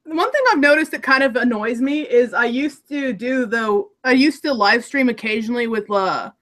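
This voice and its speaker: A woman from Alaska with an Alaskan accent chats casually in a group as a content creator, rambling and restarting her sentences. Her voice is a little high and fairly bright, at normal speed.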